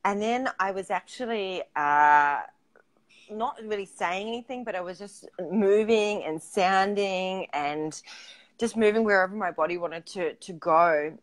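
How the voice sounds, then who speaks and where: A woman's voice: mid-range voice, unhurried. Chatty woman telling a personal story. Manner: chatty, filler-heavy, laughs often. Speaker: tantra coach.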